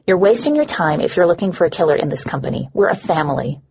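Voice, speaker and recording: A woman narrator voicing a bitter, sharp-tongued young woman who sneers at everyone. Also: lowish voice, expressive, fast, husky, muffled recording, full character voice. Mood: scornful. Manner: sneering, scornful.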